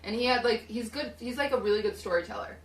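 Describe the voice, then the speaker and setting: A young woman streamer in a small, hot shed studio tells a long, rambling story in casual chat, full of "like" and restarts, acting out what people said. Her fairly high voice is fast, and the poor, distant recording has an echoey room and crowd noise.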